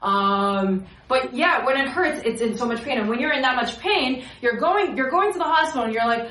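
Animated young woman preaching in an echoey room. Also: sits high, moderate pace, few pauses. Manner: animated storytelling with acted-out voices. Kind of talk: casual sermon.

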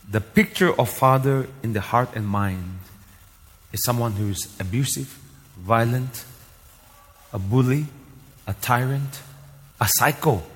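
A husky-voiced male pastor delivers a sermon in a church hall, and the long reverb rings after his words. He is from Northeast India and speaks with steady conviction. He drives key lines home by repeating them with mounting force. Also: medium pitch.

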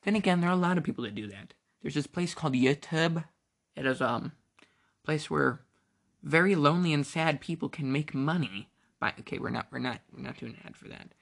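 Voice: medium pitch, lively intonation, a little fast, creaky, a bit bright. A podcast host with an American accent ranting casually and alone, joking and wandering off on tangents. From United States. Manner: rambling, jokey, sidetracks and interrupts itself. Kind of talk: casual opinion rant.

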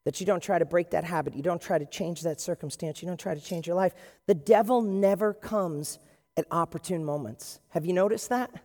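A man preaching a sermon in an animated way, acting out the voices of the people he quotes. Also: high voice, a little fast, big-room sound. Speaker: pastor.

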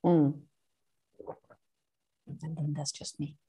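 A woman's voice: deep voice, flat delivery, slow, warm tone, husky. A woman from Denmark with a Danish accent, co-hosting a podcast in casual, chatty talk and laughing often. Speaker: podcast co-host. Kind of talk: casual chat.

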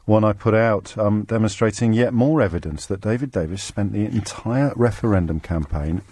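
A man's voice: on the low side, normal speed, dark tone, breathy edge, dry recording, studio quality. A man hosting a radio phone-in, teasing his callers and laughing often. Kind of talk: casual phone-in banter. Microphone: studio microphone.

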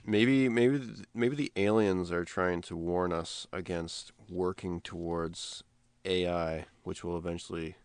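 A man co-hosting a podcast in casual chat, telling stories in a rambling, animated way with many restarts. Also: low voice, unhurried, smooth, no room sound. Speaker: podcast co-host.

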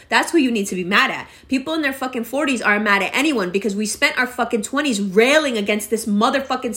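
Woman in her forties, fairly high voice, profane scolding rant, exasperated. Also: a bit bright. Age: 40s. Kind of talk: ranting monologue.

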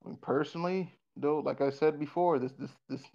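Gravelly man rambling bluntly. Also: fairly high pitch, fairly even intonation, fairly quick, highs cut off. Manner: rambling, frequent restarts and repeated words; blunt, swears freely. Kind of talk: casual conversation.

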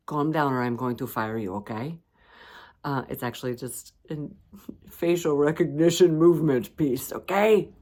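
A woman hosting her own podcast in a casual solo chat, playful and self-teasing, with bursts of animated emphasis. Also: sits low, normal speed. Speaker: podcast host.

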